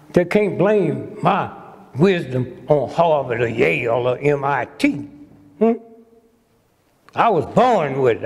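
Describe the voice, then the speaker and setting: An old man in his eighties lectures an audience in a teasing, preacherly way and keeps checking in with a "hmm?". His voice is gravelly and sits a little high for a man. The sound carries a long reverb from a big lecture hall. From United States. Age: 80s. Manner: preacherly, teasing, asks "hmm?" after nearly every point. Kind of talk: comedic lecture to a live audience.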